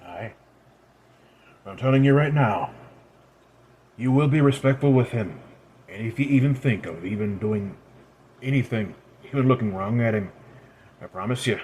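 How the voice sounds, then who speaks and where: A man's voice: medium pitch, normal speed, pauses often, darkish tone, lightly acted. A man plays a proud, ancient immortal woman with red hair who speaks with a lilt. She is commanding and scolding, her voice set in a middle register. Faint noise hums under the recording. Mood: wry.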